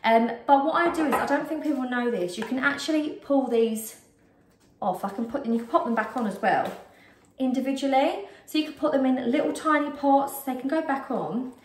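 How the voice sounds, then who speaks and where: In a casual at-home haul video, a high-voiced British woman talks a little fast, chatty and rambling, with frequent ums and a slightly breathless edge. The recording has roomy echo from a distant mic and slight background noise.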